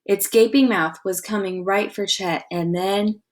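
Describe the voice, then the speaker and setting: A woman teacher reads a chapter book aloud to her class, her delivery expressive and full of suspense. She stops now and then to ask the children questions about the story. Her voice sits at an ordinary pitch for a woman. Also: a little slow, slight background noise. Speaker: elementary school teacher. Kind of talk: reading a novel aloud to a class.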